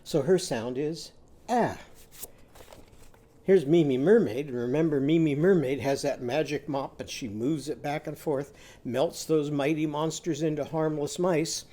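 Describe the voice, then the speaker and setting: A man's voice: fairly high pitch, moderate pace, mellow. A man teaching a children's literacy lesson, patiently guiding young listeners through sounds and letters.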